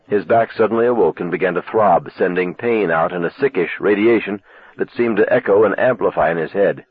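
A man's voice: low-pitched, fairly quick, slightly rough. A man narrating an audiobook expressively. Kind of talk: scripted narration. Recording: tinny, dry lo-fi cassette audiobook.

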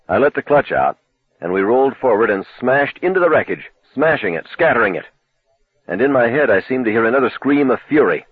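Husky male audiobook narrator on a tinny line. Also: no echo. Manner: measured, low, dramatic storytelling. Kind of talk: first-person novel narration. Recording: tinny phone-like dry recording.

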